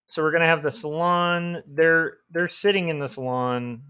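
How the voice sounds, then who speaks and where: A man's voice: a little high, normal speed, sharp tone, clear, resonant tone. Rambling man thinking aloud while drawing. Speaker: comic artist streaming his work. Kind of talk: casual livestream chat while drawing.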